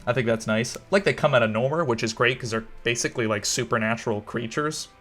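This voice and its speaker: A man's voice: mid-range voice, quick pace, a bit bright. A young man tipsy and rambling, giving a casual, swearing, gushing commentary on a film with many fillers. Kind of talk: casual movie commentary over footage.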